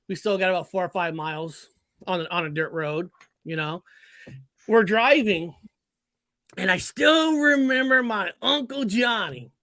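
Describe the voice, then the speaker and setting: Animated, profane man telling a story. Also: high-pitched, no echo. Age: 40s. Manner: animated, profane, restarts and self-corrections. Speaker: guest. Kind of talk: casual storytelling.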